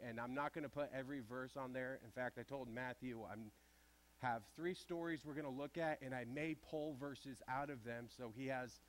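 A man preaching a sermon in a church, conversational and asking the congregation direct questions. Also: mid-range voice. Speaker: pastor.

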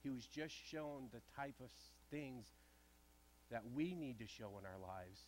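A man's voice: medium pitch, animated, a little slow, darkish tone, slight background noise. A man preaching a sermon in a church, conversational and asking the congregation direct questions. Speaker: pastor.

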